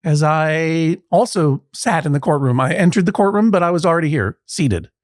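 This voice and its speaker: Dry, playful guy riffing as a mock judge, voice sits a bit high, close and dry. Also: animated, normal speed, no echo. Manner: wry, playful, rambling asides. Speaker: podcast judge host. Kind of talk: comic courtroom banter.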